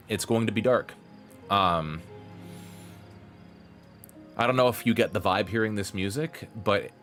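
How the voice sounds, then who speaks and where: Casting a low-voiced male game streamer, chatty and pun-loving, loose live commentary. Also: a bit bright. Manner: chatty, rambling, fond of puns.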